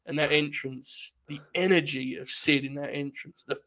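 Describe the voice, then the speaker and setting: A man with a gravelly, slightly higher voice, hosting a casual podcast chat. He talks animatedly and swears freely. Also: steady tone, moderate pace, pushed and bright. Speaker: podcast host.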